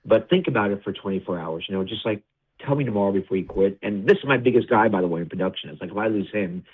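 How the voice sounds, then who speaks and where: Man guest, low-ish husky voice, rapid talker, phone-quality audio. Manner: fast, animated storytelling with many restarts. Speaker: interview guest, wrestling producer. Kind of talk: casual interview talk.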